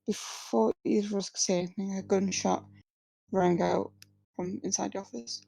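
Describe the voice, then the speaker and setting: A woman's voice: medium pitch, fairly even intonation, normal speed, creaky, dark tone, poor audio. A woman reading her own first-person fiction aloud at a live reading, with small slips and restarts. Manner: plain reading with slips and restarts, few distinct character voices.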